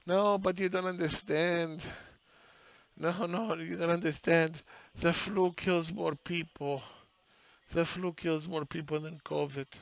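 A man's voice: mid-range voice, dry recording, dull audio. A man hosting a casual monologue on the economy, talking bluntly with profanity and rhetorical questions. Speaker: market analyst host.

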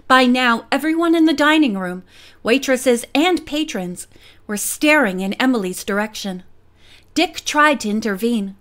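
Woman narrator, high voice, clear and even audiobook reading. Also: measured pace.

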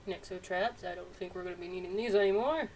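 A woman's voice: on the low side, fast, darkish tone, soft background music. A woman hosting a let's-play, commenting in a playful, chatty way. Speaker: gaming channel host. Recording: distant mic, faint noise.

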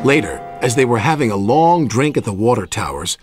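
A man's voice: mid-range voice, very animated, a little fast. A man narrating a children's railway story expressively.

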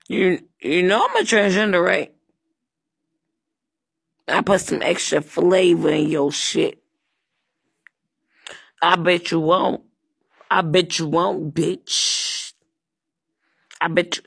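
A woman roasting people in crude, taunting improv, breaking now and then into loud shouts. She drags her words out very slowly. Her voice has a heavy gravelly fry. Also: fairly low pitch, steady tone, dry recording. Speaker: comedic host.

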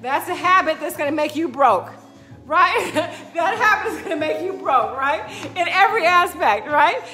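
A woman's voice: very high-pitched, animated, moderate pace, over music. A woman fitness instructor giving an upbeat, emphatic motivational talk on a live stream. She greets viewers by name, repeats her key phrases and keeps asking "right?".

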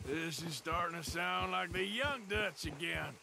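Gruff outlaw cowboy, gravelly and dry, horse hooves and outdoor noise behind. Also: male voice, a little high, unhurried, heavily acted. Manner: terse, dry. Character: gruff male outlaw gunslinger, laconic. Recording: game audio with loud outdoor ambience.

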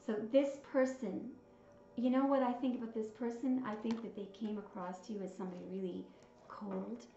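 Counting out cards, a tarot reader muses aloud and reads their messages with feeling in a fairly high, steady voice at a normal speed. There's a little hiss or hum. The audio is a bit dull and roomy, and soft music plays behind her.

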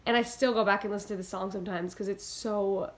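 A young singer-songwriter vlogger speaks earnestly into her camera mic, her mid-range voice steady and quick. Her heartfelt direct-to-camera talk is encouraging and a little rambling.

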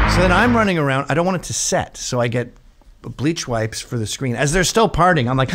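A middle-aged man hosting a show spins a rambling, funny story in a loose, profane style. His pitch swings widely, and occasionally he leaps into a high squeal to mimic another person.

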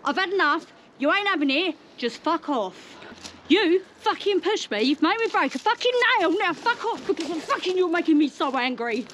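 An angry woman, swearing constantly and shouting at people on her driveway outdoors. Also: lively intonation, normal speed, a little hiss or hum. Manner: furious, swearing constantly, shrill outbursts. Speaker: prank victim. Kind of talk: heated shouting argument.

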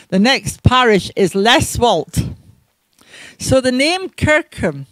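Male ministry presenter, very high voice, earnest and digressive, spells names out. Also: fairly bright tone, no room sound. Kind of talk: devotional local-history talk with prayer.

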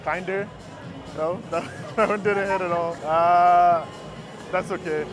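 A man's voice: high-pitched, fairly even intonation. Nervous young man telling street jokes. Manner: nervous, eager, rapid-fire delivery. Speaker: vlogger telling jokes to strangers. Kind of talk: street comedy vlog. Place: outdoors on a busy city street. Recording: noisy street with crowd and music. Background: crowd chatter and music.

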